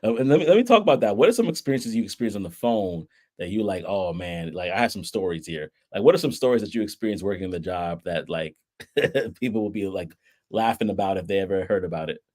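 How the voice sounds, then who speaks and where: A man's voice: fairly low pitch, lively intonation, quick pace, a little mellow. A man hosting a casual interview, asking questions and sharing his own sales stories in a friendly, conversational way. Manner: friendly, conversational, asks questions with filler words. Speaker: podcast host.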